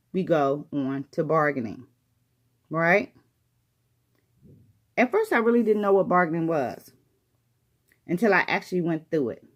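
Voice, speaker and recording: A woman's voice: on the low side, darkish tone. A retired woman who works as a grief coach, speaking earnestly and personally to the listener and repeating phrases for emphasis. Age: older. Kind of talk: motivational talk to camera.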